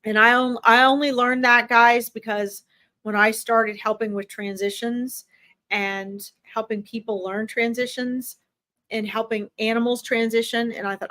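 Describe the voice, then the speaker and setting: A woman's voice: on the high side, steady tone, measured pace, pushed and bright. A woman animal communicator giving an earnest, emphatic pet reading on a livestream, often repeating herself. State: tearing up.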